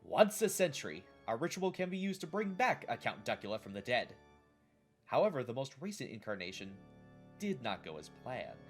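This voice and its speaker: A man's voice: mid-range voice, sing-song, moderate pace, soft background music. A man narrating a scripted retrospective about children's television in a wry, playful way. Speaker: host of a retrospective show.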